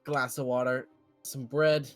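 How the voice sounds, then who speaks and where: A man runs a tabletop game, describing scenes in a loose, rambling way. His voice sits in a middle pitch, and he fills his pauses with "uh"s as he goes. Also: faint music behind. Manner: relaxed, rambling, full of "uh"s. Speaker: game master.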